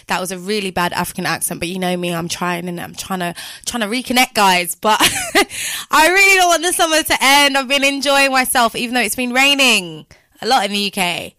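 Bright, chatty woman radio host. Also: fairly high pitch, brisk, no room sound, soft background music. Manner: chatty and giggly, with many fillers. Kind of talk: casual radio chat.

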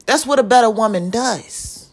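Young woman vlogger, fairly high voice, profane and emphatic rant, venting straight to camera. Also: moderate pace.

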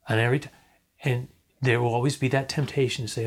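A man's voice: medium pitch, fairly even intonation, normal speed, long pauses. Earnest male pastor preaching. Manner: earnest, repeats key phrases, drops to a near whisper at times. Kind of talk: sermon.

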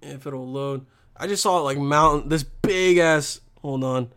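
A man's voice: a little high, unhurried, clean tone. Profane young man ranting in a vlog. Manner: profane, rambling, animated ranting. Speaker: vlogger. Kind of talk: casual vlog rant.

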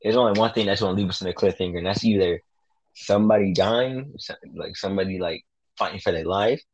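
A young man co-hosting a casual podcast, talking excitedly and boasting, full of slang, about calling his predictions. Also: low voice, quick pace, lo-fi sound, slight background noise. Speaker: podcast co-host.

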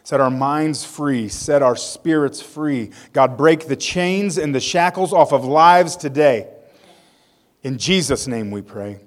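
A man's voice: medium pitch, animated, takes it slowly. A male pastor preaching a sermon. He reads scripture aloud, tells it as a story with casual asides, and leads a prayer.

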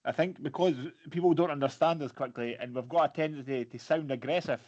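A Scottish man with a somewhat high voice, chatting casually and swearing freely as he laughs through his own stories. The sound comes through dull and lo-fi. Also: a little fast, darkish tone. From Scotland. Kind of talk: casual chat.

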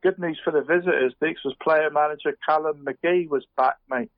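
A man on the radio giving a casual run-through of local football results, halting and restarting, saying "mate" at nearly every turn. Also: on the high side, dry recording. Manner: chatty, says "mate" constantly, halting restarts. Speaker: radio sports presenter. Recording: phone-line quality radio audio.

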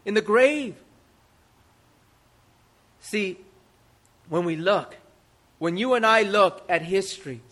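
Male pastor, sermon delivery, very high pitch, rhetorical questions and repetition. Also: sharp tone. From United States. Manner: emphatic rhetorical questions, repeats phrases.

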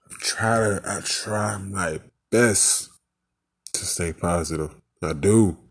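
A man's voice: low-pitched, takes it slowly. A man venting in an angry, profane rant, full of rhetorical questions and frustration.

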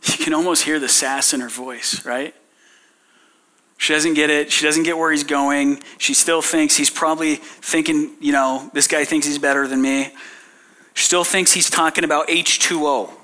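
A man's voice: a little high, fairly even intonation, moderate pace, pushed and bright. A male pastor preaching a sermon, retelling scripture in casual modern paraphrase.

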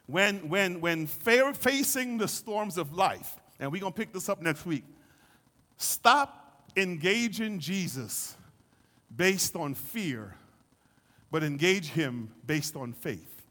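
A man preaching a sermon, moving from calm teaching to shouted, sing-song preaching and acting out voices from scripture. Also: high voice, slow, in a large hall. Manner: acts out voices of scripture figures.

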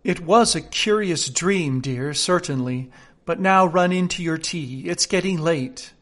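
A man reading a storybook aloud, voicing a gentle, affectionate older sister. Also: on the high side, measured pace.

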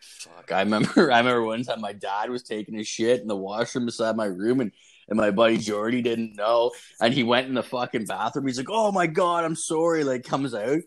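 A young man with a fairly low voice, chatting casually. He rambles through his stories, swears nearly every line and laughs along as he goes. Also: fairly even intonation, brisk. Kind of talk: casual chat.

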